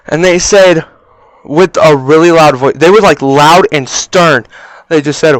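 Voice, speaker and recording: A young man casually telling a story for a vlog, animated and swearing freely, on a cheap mic. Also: fairly high pitch, unhurried, no room sound. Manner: animated, profane, acts out voices. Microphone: cheap low-quality mic.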